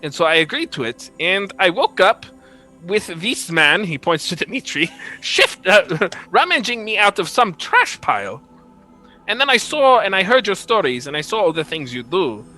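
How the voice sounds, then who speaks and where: A man's voice: high-pitched, big pitch swings, moderate pace, bright, forceful tone, soft background music, voice pushed up, heavily acted, poor audio. A man voicing a boastful young prince, freshly freed from a curse, who tells his tale in a rambling, self-important way. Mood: storytelling.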